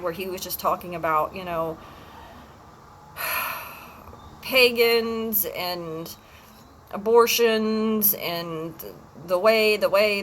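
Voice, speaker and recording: A woman vlogging alone, telling a personal story in a halting way with many pauses and restarts. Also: medium pitch, a bit bright, slight background noise, low-quality recording. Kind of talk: emotional personal vlog.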